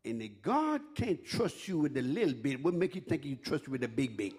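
An older man preaching a sermon in call-and-response style, dropping to a hush and then rising to a shout. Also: medium pitch, very animated, a little fast, a little hiss or hum.

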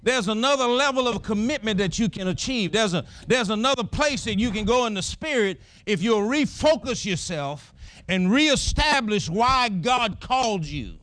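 A preacher man with a high, bright voice and a delivers his sermon. He tells stories with feeling, rising into shouts at times. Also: lively intonation, normal speed, no room sound. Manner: storytelling preacher, shouts and laughs while telling it. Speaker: pastor.

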